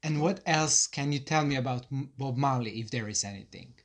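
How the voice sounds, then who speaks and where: A man's voice: medium pitch, fairly quick. A man with a Croatian accent, a non-native speaker, reading viewer questions in a friendly, slightly hesitant casual chat. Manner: friendly, laughs easily, hesitant phrasing.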